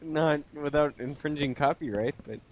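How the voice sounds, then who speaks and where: A man co-hosting a casual chat, cracking dry jokes and quick quips. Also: a little high.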